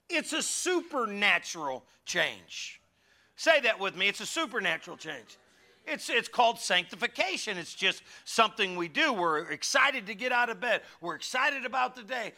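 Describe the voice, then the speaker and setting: A middle-aged male pastor preaching a folksy, conversational sermon. His voice sits high and very bright, with a gravelly edge. He is animated, swinging from loud calls to the congregation to hushed, confiding asides. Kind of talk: conversational sermon with humorous stories.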